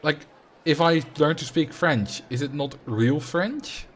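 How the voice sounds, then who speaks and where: A man's voice: fairly high pitch, slow, slight background noise. Chatty Dutch man streaming. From Netherlands. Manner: chatty, rambling, reacts to chat with fillers. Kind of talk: casual livestream chat.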